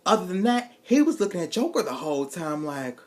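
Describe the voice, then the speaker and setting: A man tells his viewers a personal story in a casual, animated, profane style, acting out the voices of the people involved and turning to the audience for asides. His voice is high and his pace a little fast.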